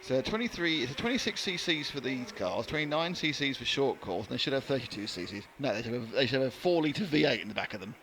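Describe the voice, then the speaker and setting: A man calls a race live in a chatty, joking way. His voice sits at an ordinary middle pitch, and a faint hum of noise runs behind him. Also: expressive, quick pace, few pauses, fairly bright tone. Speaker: race commentator. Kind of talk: live commentary. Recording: light background noise.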